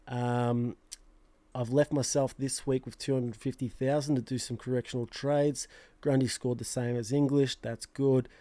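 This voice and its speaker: A young Australian man talks through his fantasy footy picks in a loose, rambling way, poking fun at himself and restarting his sentences. His voice sits in an ordinary middle pitch with a mellow, relaxed tone. The recording is dry and close. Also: no echo. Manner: rambling, self-mocking, fillers and restarts. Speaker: fantasy football channel host. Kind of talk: casual vlog chat.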